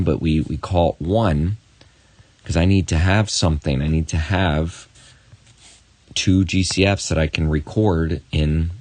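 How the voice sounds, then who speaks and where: A man with a very low voice walks a student through a math lesson on video. He is encouraging and talks straight to the viewer with quick asides. The recording is close and dry. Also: darkish tone, no room sound. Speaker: math teacher.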